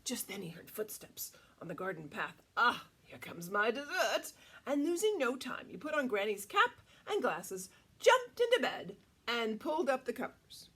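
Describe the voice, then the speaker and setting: A woman storyteller reading a picture book aloud to children, animated and asking them questions. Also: on the high side, moderate pace, slightly rough.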